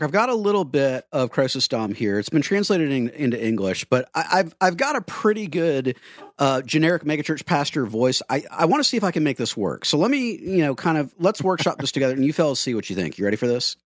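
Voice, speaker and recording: A man co-hosting a podcast in relaxed, playful chat. His pitch jumps all over the place. The sound is dry and close. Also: quick pace, no room sound. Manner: animated, playful. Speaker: podcast co-host. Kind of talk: casual chat.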